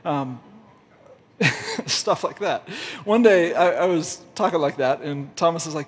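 Man, pastor, husky, high-pitched, humorous sermon storytelling, long hall reverb. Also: lively intonation, a little slow. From United States. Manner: humorous, self-deprecating, laughs often.

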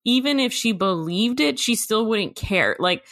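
Woman, 30s, podcast co-host; bright, lively pitch, dry close mic, chatty and quick to laugh. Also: dry recording. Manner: chatty, laughs often, quotes her kids. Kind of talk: casual chat.

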